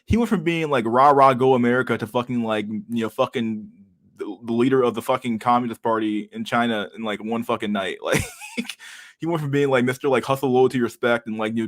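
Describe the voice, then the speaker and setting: A man hosting a livestream, chatting casually with viewers in a rambling, profane way, laughing often with mock outrage. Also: on the low side. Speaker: livestream host. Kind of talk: casual chat with live viewers.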